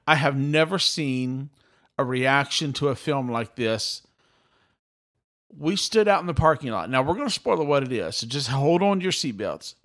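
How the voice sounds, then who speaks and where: A middle-aged man hosting a podcast in an animated, talkative way, often repeating and restarting his words. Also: mid-range voice. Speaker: podcast host. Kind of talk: excited casual chat.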